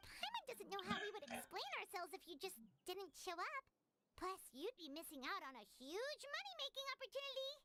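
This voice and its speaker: An actress voicing a small, chirpy fairy companion in a game, chatting eagerly and referring to herself by name. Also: female voice, extremely high pitch, big pitch swings, a little fast, very noisy. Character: small, chirpy floating fairy companion who talks about herself in the third person. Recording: game dialogue with music under it.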